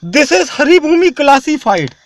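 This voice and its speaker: A man, talking to camera in a halting, repetitive way that keeps restarting phrases. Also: very high voice, sing-song. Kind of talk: rambling talk to camera.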